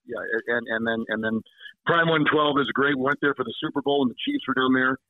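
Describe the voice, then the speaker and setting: A guest sportscaster calls in and chats casually over a tinny phone line. His mid-range voice has huge pitch swings, vocal fry and a fairly quick pace, and he rambles warmly through stories with many fillers and restarts against slight background noise.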